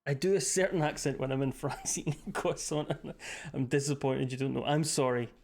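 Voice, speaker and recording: A man's voice: medium pitch, steady tone, a little fast, darkish tone. A man streaming a game live, chatting casually, rambling and swearing between jokes. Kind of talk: casual chat while gaming.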